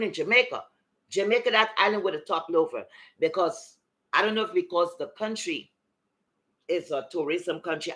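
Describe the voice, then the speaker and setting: A woman's voice: mid-range voice, fairly bright tone. A middle-aged woman with a Caribbean accent, delivering a heated, profane, confrontational monologue. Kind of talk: ranting monologue.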